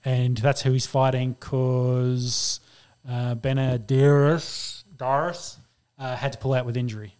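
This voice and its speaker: A man co-hosting a casual sports podcast, relaxed and hesitant, filling gaps with ums. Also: medium pitch, unhurried, clear, resonant tone. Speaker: podcast co-host.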